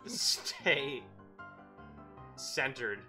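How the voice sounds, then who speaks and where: Bright-toned, giggly dungeon master. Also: medium pitch, extremely slow, faint music behind. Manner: laughing often while narrating. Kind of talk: improvised tabletop game narration.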